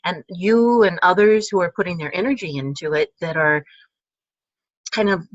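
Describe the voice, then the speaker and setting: A woman speaks as an interview guest, musing aloud in halting phrases that often trail off and restart. The sound is dull and dry, as if from a video call. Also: lowish voice, no echo. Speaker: guest, teacher. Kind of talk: casual conversational interview.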